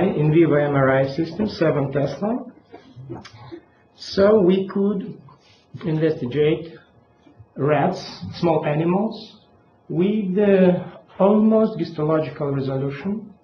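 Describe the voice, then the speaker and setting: Russian-accented male conference speaker, slow halting delivery, dull echoey hall recording. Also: on the high side, slight background noise. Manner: halting non-native English with many fillers. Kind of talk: academic conference talk. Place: large lecture hall.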